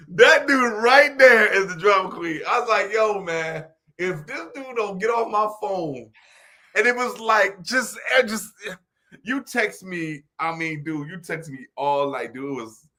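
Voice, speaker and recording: A man co-hosting a casual postgame sports chat, telling stories with lots of laughter and acting out text exchanges. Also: high-pitched. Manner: animated, laughing storyteller who acts out text exchanges. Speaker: sports podcast co-host.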